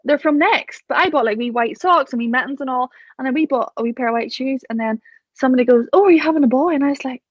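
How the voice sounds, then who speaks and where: Woman guest, chatty storyteller, fairly high pitch, dull close recording. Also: quick pace, no room sound. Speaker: podcast guest, business owner. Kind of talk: casual chat.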